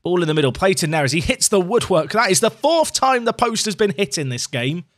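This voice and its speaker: Young man, excitable play-by-play game commentator, slightly high voice, dry close mic. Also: fairly quick, no room sound. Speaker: gaming YouTuber.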